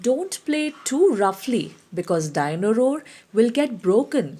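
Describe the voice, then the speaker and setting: A woman voicing a cheerful father pig in a children's storybook, bright and emphatic. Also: a little high, sing-song, measured pace, husky, pitched above the performer's own voice, exaggerated voice.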